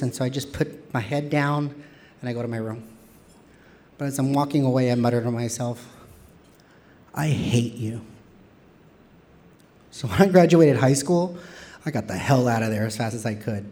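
A man in his thirties, from Texas, telling a candid personal story on stage with wry humor and lively quoted voices. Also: mid-range voice.

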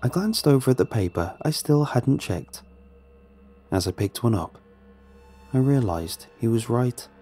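A man's voice: medium pitch, expressive, a little slow, long pauses, mellow, soft background music. A man narrating a first-person horror story in a tense, dramatic manner.

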